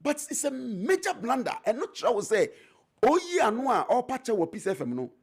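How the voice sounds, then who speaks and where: A man's voice: extremely high pitch, sing-song, normal speed, vocal fry, husky. A middle-aged man with a Ghanaian accent, a former MP speaking as a talk show guest, switching between English and Twi and repeating key phrases for emphasis. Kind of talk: animated political talk show debate, mixing English and Twi.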